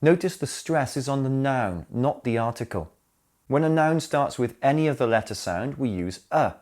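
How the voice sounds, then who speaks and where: A man narrating a scripted English grammar lesson, explaining slowly and clearly and speaking his examples aloud. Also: mid-range voice, expressive, darkish tone. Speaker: English teacher.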